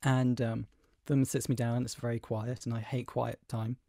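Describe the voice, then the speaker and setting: A man's voice: medium pitch, level tone, dark tone, no echo. Young man, podcast co-host, jokey casual talk, dry close mic. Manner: jokey, quick interjections. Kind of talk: casual chat.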